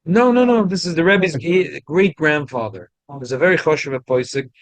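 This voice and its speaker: A man's voice: fairly high pitch, lively intonation, moderate pace, no echo. A man giving a Torah class to a study group, explaining with frequent restarts and Hebrew and Yiddish terms. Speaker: rabbi teaching a study group.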